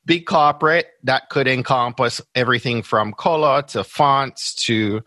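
A man's voice: medium pitch, a little slow, pushed and bright, no echo. A man with a Jamaican accent, a podcast guest explaining things step by step in casual interview talk. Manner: explains step by step, often checks in with "right?". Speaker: podcast guest, brand strategist.

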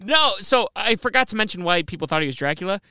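A man telling a comedic history story casually, rambling and acting out quick quotes. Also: high voice, lively intonation, pushed and bright, clear, resonant tone, dry recording, studio quality.

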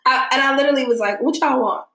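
A woman's voice: high voice, fast, roomy sound. A young adult woman telling a story in casual chat, acting out the voices of the people she quotes. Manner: animated, acts out quoted voices. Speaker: podcast guest.

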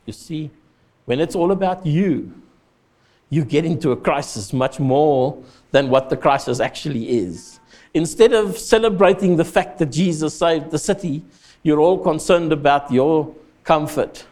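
Brief: high-voiced pastor, emphatic and conversational sermon delivery. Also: male voice, unhurried, a little mellow. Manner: emphatic, rises to stress points, conversational asides.

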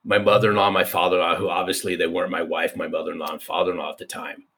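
A man in his fifties, a podcast guest telling a personal story in an animated, repeating way. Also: low voice, very fast, a little hiss or hum. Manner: animated, restarts, repeats for emphasis. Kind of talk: conversational storytelling.

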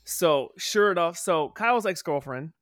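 A man's voice: on the high side, measured pace, no room sound, clean studio sound. A man telling a story on a casual podcast, swearing freely and talking with energy. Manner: profane, animated storytelling. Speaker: podcast co-host. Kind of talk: casual chat.

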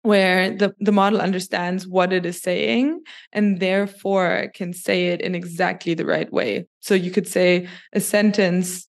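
A woman, a podcast guest, explaining things in a measured way with many small restarts. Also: lowish voice, steady tone, vocal fry. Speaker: guest, company chief of staff. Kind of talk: podcast interview.

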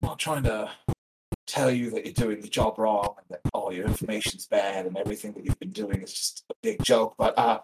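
A man's voice: fairly low pitch, animated, fairly quick, gravelly, background noise, pitched below the performer's own voice. A man voicing a flippant young male parakeet who mocks his estranged father. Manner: flippant, laughing, swearing.

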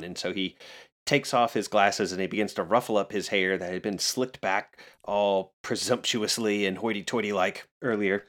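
A man with a fairly low voice, chatting casually on a podcast. He retells comic panels with dry, wry humor, slipping in the characters' lines along the way. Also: brisk, fairly bright tone. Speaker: podcast co-host. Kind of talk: casual chat about a manga.

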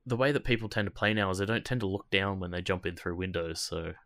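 A man's voice: low voice, quick pace, a bit bright, no room sound. A man co-hosting a casual gaming podcast, blunt and argumentative, swearing freely. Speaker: podcast co-host.

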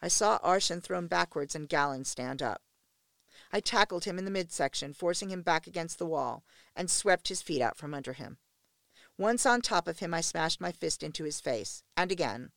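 Gravelly woman reading an erotic story. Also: fairly low pitch, expressive, normal speed, a bit bright, no echo. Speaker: audiobook narrator. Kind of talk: first-person erotic story narration.

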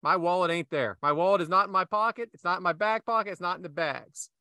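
Bright high-voiced host telling an anecdote. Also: male voice, quick pace, clean tone, dry recording, studio quality. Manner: rambling anecdote with self-asides. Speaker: podcast host. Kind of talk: casual podcast storytelling.

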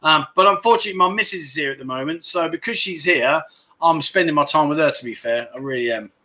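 A man's voice: a little high, fast talker, sharp tone. A man hosting a casual livestream, rambling frankly and calling his viewers mate as he reads out their comments. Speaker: livestream host.

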